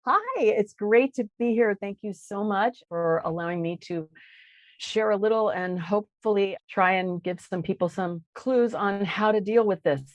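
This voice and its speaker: A woman's voice: mid-range voice, expressive, normal speed, no echo, muffled recording. A woman actress speaking as a podcast guest, gracious and friendly. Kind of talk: interview conversation.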